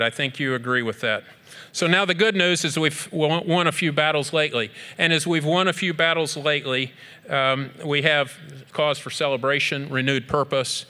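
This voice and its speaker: Emphatic man giving a bright speech. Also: a little high, normal speed, some chatter behind. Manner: earnest, emphatic, with rhetorical repetition and fillers. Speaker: speaker honoring a group at an event. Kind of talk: speech to an audience.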